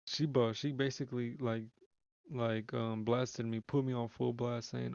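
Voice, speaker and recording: Gravelly young man telling a rambling story. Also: medium pitch, little pitch movement, moderate pace, a little mellow, no echo, highs cut off. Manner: rambling, slangy, swears freely, restarts often. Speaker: streamer. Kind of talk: casual storytelling on a livestream.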